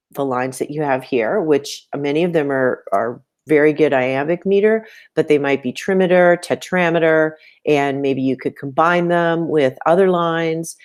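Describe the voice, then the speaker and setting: A middle-aged woman teaching poetry, recording spoken feedback for a student in a relaxed conversational way, filling pauses with "um" and tapping out meter aloud. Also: sits low. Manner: conversational, many "um"s, reads lines aloud and taps out meter.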